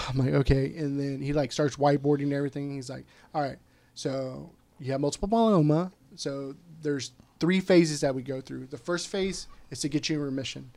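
A man guest telling a personal story in casual conversation, candid and quick to swear, often quoting what others said. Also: mid-range voice, creaky, a little mellow.

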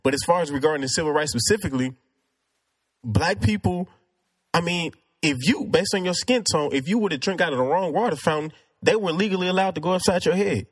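A man's voice: fairly high pitch, brisk. A man in a casual debate, talking earnestly and arguing his point with many restarts. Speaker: discussion participant.

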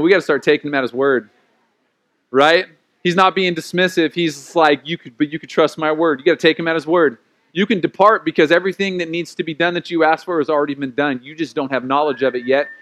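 A man preaching a sermon in a lively, conversational way, with playful acted asides. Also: on the high side. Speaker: pastor.

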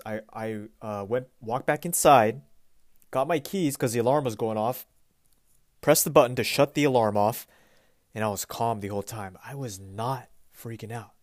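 Male solo podcaster, low-pitched, casual and meandering delivery, dry recording. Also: normal speed, no room sound. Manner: relaxed, rambling, with frequent restarts and fillers. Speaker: podcast host. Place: Pacific Northwest US.

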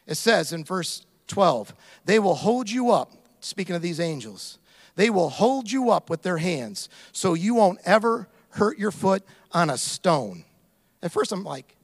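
A man preaching a sermon as a pastor, animated, acting out little scenes and asides as he goes. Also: sits high, measured pace, gravelly.

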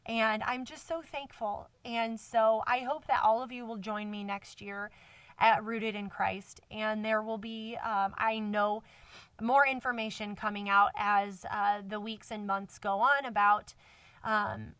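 A woman's voice: medium pitch, fairly even intonation, a little slow, fairly bright tone, no echo, distant mic. A woman hosting a casual faith podcast alone, talking earnestly and effusively with many fillers, close to tears, into a microphone set in a cardboard box. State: emotional. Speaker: podcast host.

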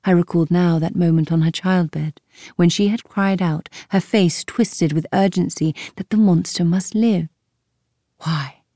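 A woman narrating a first-person audiobook in a measured, calm, literary manner. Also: lowish voice, creaky, no echo, studio quality.

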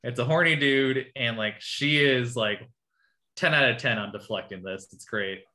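A woman's voice: a bass voice, normal speed, bright, forceful tone. A woman co-hosting a casual podcast, reading out dating-app messages with amusement. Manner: amused, laughing as she reads. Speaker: podcast co-host.

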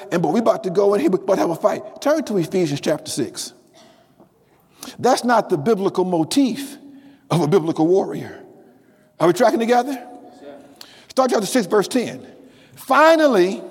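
A man preaching in a high, ringing voice with a long reverb around it. He is emphatic and rhythmic, dropping low and then rising to a shout as he repeats his key lines. It is a church sermon. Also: creaky, husky. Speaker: pastor. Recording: long reverb of a large hall.

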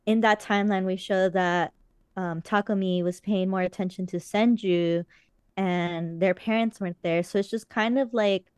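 Woman, casual chat, rambling, earnest, smooth clear voice, dry close mic. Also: medium pitch, fairly even intonation, moderate pace, a little mellow, no echo. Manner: rambling, filler-heavy, earnest.

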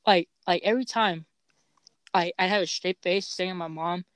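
A man's voice: sits high, steady tone, moderate pace, a bit bright, clean tone, no echo. A young man who stutters, hosting a casual chat and telling profane, laughing stories full of fillers. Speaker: podcast host.

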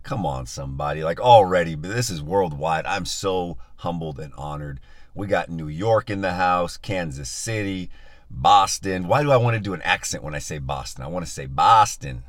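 A man's voice: low voice, dry recording. A male pastor leading a live-streamed Bible study, upbeat and enthusiastic as he chats with his listeners, on a phone mic.

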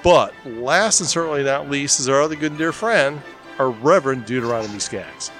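A man's voice: mid-range voice, lively intonation, a little fast, a bit bright. This is a man hosting a casual movie podcast, easygoing and rambling as he chats with friends. His voice sits in a middle range and he laughs easily. Faint music hums underneath. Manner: laid-back, rambling, chuckles often. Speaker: podcast host.

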